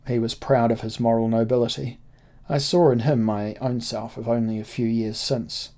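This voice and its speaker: A man narrating a first-person adventure novel in a measured, deliberate reading. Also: mid-range voice, level tone, warm tone.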